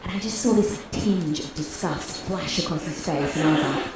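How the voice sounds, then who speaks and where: A woman's voice: sits low, moderate pace, very noisy. Brash Australian woman doing stand-up. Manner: brash, animated storytelling with acted-out quotes. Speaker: stand-up comedian. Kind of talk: stand-up comedy set. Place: comedy club stage. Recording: echoey room heard from far off. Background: audience laughter.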